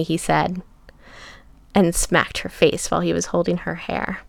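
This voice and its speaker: A woman narrating a story in a soft, measured reading that often drops to a whisper. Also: lowish voice, flat delivery, creaky, dry recording.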